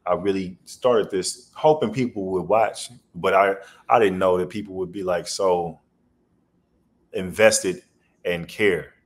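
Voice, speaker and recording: A man's voice: deep voice, a little slow. A man guest on a podcast, telling rambling stories in a loose, slangy way. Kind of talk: casual storytelling interview.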